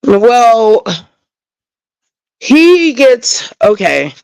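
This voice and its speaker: Woman, livestream host, AAVE, higher voice, emotional, on a rant, talking back to chat. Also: very animated, very slow, a little mellow, clean tone, rough recording.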